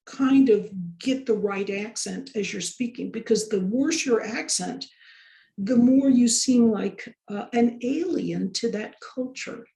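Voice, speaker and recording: A woman's voice: on the high side, a little slow, creaky, dark tone. A woman teaching a course, chatting casually on a video call in a rambling way with lots of fillers. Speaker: course instructor. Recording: roomy echo.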